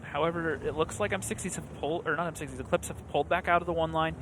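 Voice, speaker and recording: A man casting a live esports match, breaking down plays quickly and analytically and getting loud and high at the big moments. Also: steady tone, background noise. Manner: fast analytical play-by-play, loud and high at climaxes. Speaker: esports caster. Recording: music clearly behind the voice.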